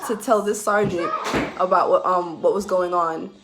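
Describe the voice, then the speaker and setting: A woman's voice: fairly low pitch, fairly even intonation, moderate pace, over loud music. A young woman telling a personal story time in a casual, heated way, swearing and laughing through it. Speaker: vlogger telling a military story. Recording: loud background noise hiss.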